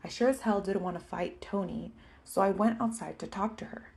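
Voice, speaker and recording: Soft-spoken woman reading an audiobook. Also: mid-range voice, brisk, vocal fry, slight background noise. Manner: quiet and soft in narration, louder and sharper in dialogue. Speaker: audiobook reader. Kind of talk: amateur audiobook narration.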